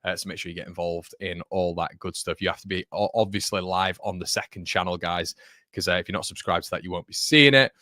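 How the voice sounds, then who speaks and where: A man's voice: deep voice, fast talker, pushed and bright, no room sound, clean studio sound. A man hosting a casual live football watchalong, chatting with viewers and calling them mate. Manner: chatty, reads chat aloud, calls viewers mate. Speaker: livestream host.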